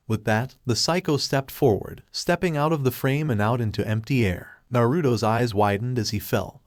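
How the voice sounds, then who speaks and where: A man's voice: medium pitch, moderate pace, hardly any pauses, no echo. Man reading a story, dry and close. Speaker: narrator. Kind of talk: fan-fiction reading.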